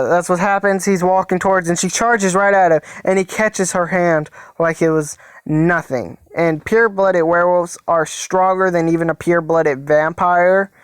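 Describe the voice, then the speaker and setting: A woman casually telling a made-up story, rambling and halting with many fillers and restarts. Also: lowish voice, steady tone, clear, resonant tone, no room sound, studio quality. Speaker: fan story narrator.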